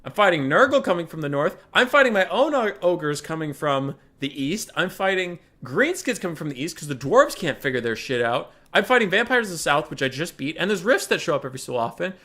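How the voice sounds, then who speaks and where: Brief: young male game caster, swearing rants, lively high voice, bright tone. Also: a little fast, few pauses. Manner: profane, ranting, exasperated. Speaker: tournament caster. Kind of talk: casual gaming commentary.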